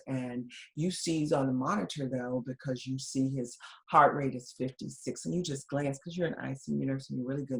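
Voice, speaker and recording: A woman giving a recorded lecture, telling a scenario to her listeners in lively storytelling and acting out the people in it. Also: low voice. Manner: addresses listeners directly, repeating key points.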